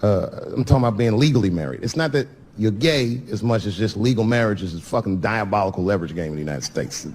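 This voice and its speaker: Stand-up comedian telling a story on stage. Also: male voice, fairly low pitch, lively intonation, fast talker, hardly any pauses. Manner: storytelling, switching between loud punchlines and mumbled asides. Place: theater stage before a laughing audience. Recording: live show with audible room noise.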